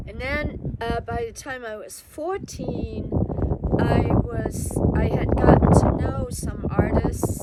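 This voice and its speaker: Woman, candid personal memories, mid pitch, loud background noise, traffic behind. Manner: reflective, candid, wry at times. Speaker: interviewee recounting her life. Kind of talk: personal oral history.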